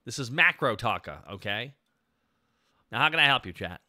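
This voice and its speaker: A man live-streaming as a VTuber in casual, goofy chat, jumping between loud bits and low mumbled asides. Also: sing-song, normal speed, pauses often.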